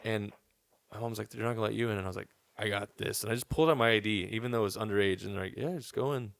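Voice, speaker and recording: A man's voice: fairly low pitch, steady tone, very fast, gravelly, dry recording. A young man casually telling a long story on a podcast, swearing and acting out what people said. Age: young adult. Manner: laid-back, swearing, acts out quotes.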